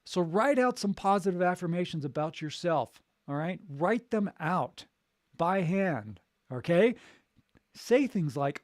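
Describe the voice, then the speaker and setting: A man's voice: high-pitched, lively intonation, measured pace, no room sound, studio quality. A man who works as a voice coach, giving an upbeat, encouraging live talk and repeating his key points. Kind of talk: live motivational chat.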